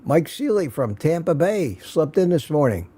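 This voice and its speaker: Guy doing a morning livestream from his home studio, mellow voice a bit high, chatty and jokey, reads viewer comments out. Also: big pitch swings, moderate pace, slightly rough. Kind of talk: casual chat greeting live viewers.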